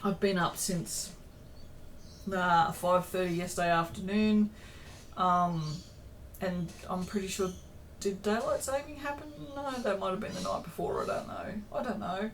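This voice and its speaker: A woman's voice: mid-range voice, a little slow, a little hiss or hum. A tired woman, chatting casually to camera in a rambling, self-deprecating way from her home craft room. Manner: chatty, self-deprecating, lots of ums and tangents. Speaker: small business owner updating viewers.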